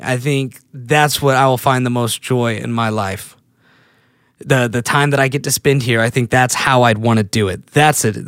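A man's voice: mid-range voice, a bit bright, dry recording, clean studio sound. A man hosting his show alone, musing aloud in a rambling, self-deprecating way and often restarting his sentences. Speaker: podcast host. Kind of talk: casual solo monologue.

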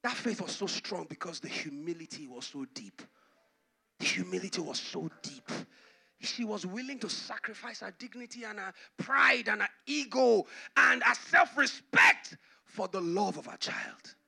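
A male pastor preaching a sermon, dramatically swinging from loud to hushed. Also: high voice, lively intonation, normal speed, vocal fry, husky.

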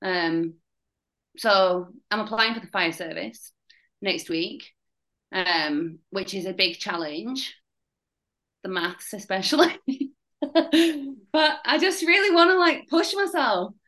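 A young woman with a Northern English accent and a mid-pitched voice, chatting candidly as a podcast guest. She speaks bluntly and openly, with a dark, laughing edge to how she talks. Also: expressive, takes it slowly, long pauses, poor audio. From Northern England. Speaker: guest, fitness coach. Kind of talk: casual chat.

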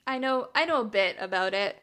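A woman co-hosting a podcast talks bluntly and swears freely in casual chat. Her voice is fairly high-pitched. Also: lively intonation, a little fast, a bit bright. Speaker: podcast co-host.

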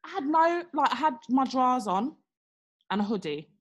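Heard with a lo-fi sound, a young woman with a high-pitched voice tells a story at a moderate pace while co-hosting a podcast. Her casual chat is animated, and she acts out quotes with exaggerated voices.

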